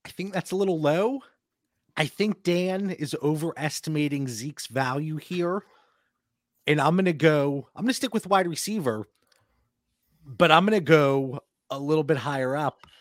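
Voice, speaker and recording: A man guesting on a casual podcast quiz, cheerful and thinking out loud. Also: fairly high pitch, moderate pace, dry recording, studio quality. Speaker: guest panelist.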